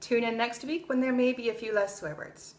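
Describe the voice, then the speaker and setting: Young woman ranting on her vlog, swears a lot, kinda high voice, super animated. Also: brisk, a little hiss or hum. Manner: blunt, swears freely, animated storytelling. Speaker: vlogger. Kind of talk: casual opinion vlog.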